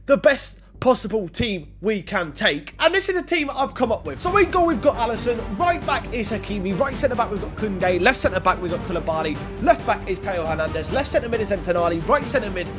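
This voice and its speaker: A young man giving excitable commentary on his own football video game match, shouting at big plays. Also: high-pitched, brisk, hardly any pauses, music in the background. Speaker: gaming YouTuber. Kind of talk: gameplay commentary.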